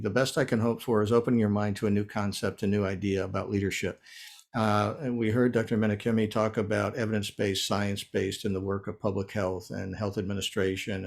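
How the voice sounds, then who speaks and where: Gravelly low-voiced man giving a keynote. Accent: American. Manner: measured, earnest, with frequent fillers and restarts. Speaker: keynote speaker. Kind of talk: keynote lecture.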